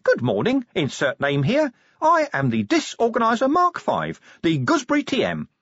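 Small nagging imp, high-pitched, babbling, storybook. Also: male voice, huge pitch swings, normal speed, fairly bright tone, no room sound, muffled recording, heavily acted. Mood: eager shrill. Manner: eager, babbling, accusing. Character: small pushy imp inside a pocket organizer.

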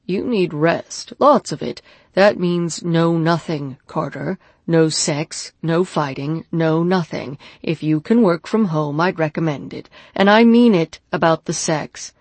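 A woman voicing a gruff, blunt male doctor who lectures his patient in an audiobook. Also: fairly low pitch, animated, slow, hardly any pauses, dry recording, heavily acted. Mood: scolding. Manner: lecturing, scolding.

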